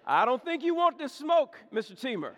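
A man's voice: extremely high pitch, big pitch swings, normal speed, a little hiss or hum. A man playing a cocky, taunting snake.

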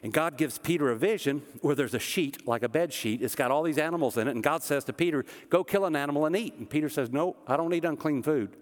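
A man's voice: fairly high pitch, quick pace, hardly any pauses, in a large hall. A man from the American South preaching a conversational sermon with joking asides, as pastor. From American South, Tennessee. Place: church auditorium.

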